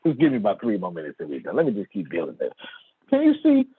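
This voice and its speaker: A man speaking to an audience, telling a story in a lively way, calling on listeners by name and acting out what people said. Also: low-pitched, racing, breathy edge, dry recording. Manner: lively, calls on listeners by name, acts out quoted lines. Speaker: motivational speaker. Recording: tinny phone-like sound.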